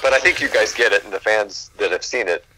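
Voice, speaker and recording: A man, a guest actor, telling animated stories from film sets in a casual interview and acting out quotes, swearing freely. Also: on the low side, fast talker, a little hiss or hum, rough recording.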